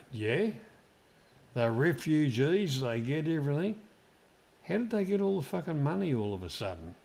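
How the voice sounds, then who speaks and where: A man's voice: mid-range voice, gravelly, darkish tone. A man with an Australian accent chatting casually, blunt and profane as he airs strong opinions. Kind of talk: casual chat.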